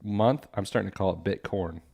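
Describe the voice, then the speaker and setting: A man's voice: low-pitched, a little fast, vocal fry, dark tone, breathy edge. A man co-hosting a podcast in casual chat, joking and teasing his co-host.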